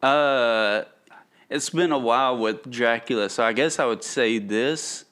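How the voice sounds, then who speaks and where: A man's voice: mid-range voice, measured pace, a bit bright. A man co-hosting a podcast who chats about a film enthusiastically and laughs easily. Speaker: podcast co-host. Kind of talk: casual film review chat.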